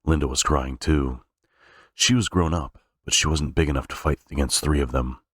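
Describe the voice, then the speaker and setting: A man sight-reading a novel aloud, halting now and then with slips and restarts. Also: a bass voice, fairly even intonation, breathy edge, no room sound, clean studio sound. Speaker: reader.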